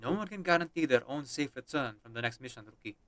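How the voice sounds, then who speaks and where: A man's voice: mid-range voice, expressive, fast talker, fairly bright tone, dry recording, close to an everyday voice. A man voicing a stern army officer who warns a new recruit. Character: gruff male army officer, stern mentor.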